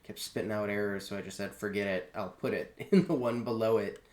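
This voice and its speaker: A man's voice: on the low side, steady tone, a little fast, darkish tone, reverberant. A man casually walking through his coding assignment, offhand and self-deprecating. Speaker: student presenting a coding assignment. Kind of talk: casual screen-recorded walkthrough.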